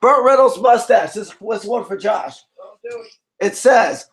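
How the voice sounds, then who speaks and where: A hoarse male streamer chats casually and jokes his way through the comments he reads aloud. His voice sits fairly high for a man. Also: expressive, takes it slowly, rough recording. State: hoarse, voice partly gone. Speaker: live stream host. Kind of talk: casual live stream chat.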